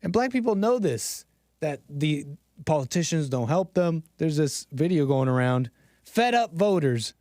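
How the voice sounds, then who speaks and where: A man hosting a casual commentary stream, talking in a loose, rambling way with many restarts and the odd laugh. His voice sits a little high and sounds close and dry. His delivery is unpolished and conversational. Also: very animated, unhurried, darkish tone, no room sound. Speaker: host.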